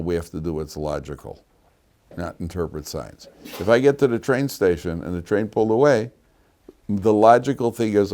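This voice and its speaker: A man teaching a lively class as a rabbi, telling stories and laughing at his own anecdotes. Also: lowish voice, fairly quick. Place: yeshiva classroom.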